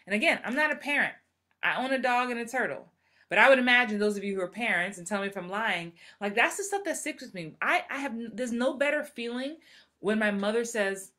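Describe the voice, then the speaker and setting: A woman's voice: fairly high pitch, brisk. A woman in her forties, an acting coach giving a casual live motivational talk and acting out voices she quotes. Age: 40s. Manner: animated, acts out quoted voices.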